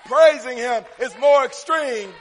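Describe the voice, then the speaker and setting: With an unhurried delivery, a pastor with a high voice stirs the crowd through call-and-response and rises into shouts. His sermon echoes through the sanctuary under a long, hanging reverb.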